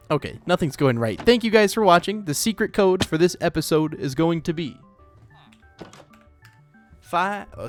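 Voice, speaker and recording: A young man from Oklahoma with an Oklahoman accent talks through his gameplay in a chatty, rambling, self-deprecating way. His voice sits a little high for a man. Faint music plays behind him. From Oklahoma, United States. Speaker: let's play host. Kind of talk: casual gameplay commentary.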